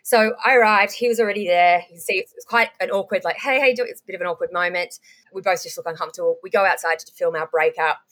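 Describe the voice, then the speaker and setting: A young woman telling an interviewer a candid story, animated and swearing freely. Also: lowish voice, fast. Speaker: guest.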